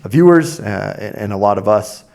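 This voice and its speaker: Man, gravelly voice, lowish pitch, blunt, candid storytelling, casual podcast chat. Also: expressive, normal speed, darkish tone. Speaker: podcast co-host.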